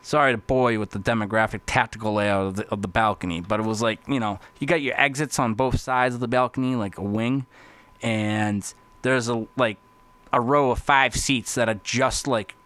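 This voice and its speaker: A man talking casually as a podcast host, rambling and swearing constantly, getting excitable. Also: on the low side, moderate pace, dry recording. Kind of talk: casual profane monologue.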